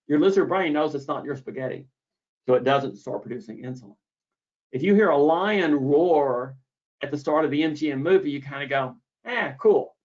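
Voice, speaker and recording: Male lecturer, slightly high voice, measured and repetitive delivery, dull lo-fi recording. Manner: deliberate, repeats key words for emphasis. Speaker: misophonia therapist explaining treatment. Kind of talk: explanatory lecture. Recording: dull lo-fi audio.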